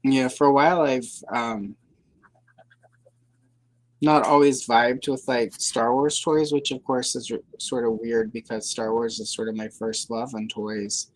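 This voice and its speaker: A woman's voice: very deep voice, steady tone, measured pace, no room sound, poor audio. A woman hosting a livestream, chatting casually in a rambling, hedging way with dry sarcasm. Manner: rambling, hedging, full of fillers and self-corrections. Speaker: livestream host.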